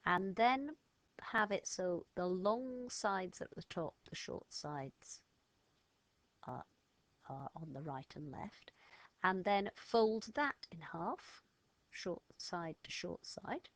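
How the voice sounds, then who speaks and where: A woman's voice: on the low side, lively intonation, slow pace, dry recording. A woman teaching a step-by-step lesson to children, patient and encouraging as she gives instructions. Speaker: French teacher.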